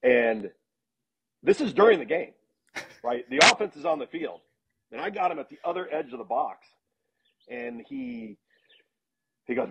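A middle-aged man, a football analyst, casually telling animated stories as a podcast guest. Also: on the high side, measured pace, vocal fry, long pauses, slightly rough. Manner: animated anecdotes with laughs and restarts. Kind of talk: casual storytelling in a podcast interview. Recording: dull lo-fi sound.

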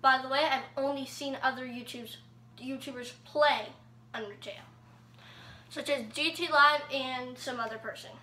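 A woman's voice: sits high, steady tone, moderate pace, sharp tone, reverberant, slight background noise. A female YouTube host chatting casually and self-deprecatingly while introducing her voice impressions.

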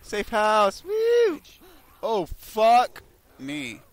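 High, lively swearing young gamer man. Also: unhurried. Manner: profane, excitable, berating his teammates with loud outbursts. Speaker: gaming video creator. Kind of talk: live gameplay commentary.

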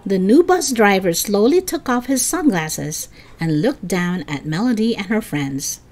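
A woman reading a children's book aloud as storyteller, with expressive narration. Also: mid-range voice, unhurried.

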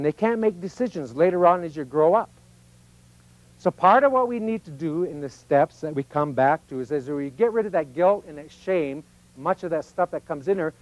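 A man's voice: on the high side, darkish tone, dry recording, highs cut off. A man giving an informal, folksy teaching talk, often acting out little voices of children and parents. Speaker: speaker on personal growth.

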